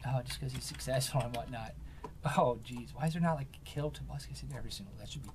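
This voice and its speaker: A man's voice: mid-range voice, lively intonation, fast talker, fairly bright tone, a little hiss or hum. Hyper jokey young man commentating a game. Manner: hyper, jokey, shifts into silly voices and yelps. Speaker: gaming commentator.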